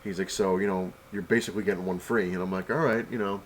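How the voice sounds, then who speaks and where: Low-voiced man rambling through a haul. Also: steady tone, fast talker, a little hiss or hum, poor audio. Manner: rambling storyteller, many fillers and "I was like" quotes. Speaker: comic collector vlogger. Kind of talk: casual convention haul recap.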